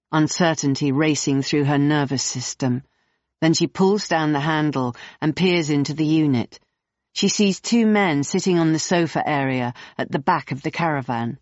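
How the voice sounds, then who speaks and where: A man narrating an audiobook at a slow, measured pace. His storytelling is even and steady. The recording is dry and a little dull. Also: on the high side, no echo. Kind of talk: scripted narration.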